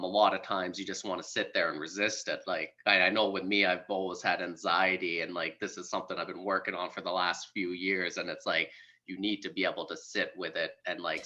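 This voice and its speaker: A man hosting a podcast, talking casually and haltingly with lots of filler words. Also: deep voice, flat delivery, pushed and bright, dull audio. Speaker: podcast host.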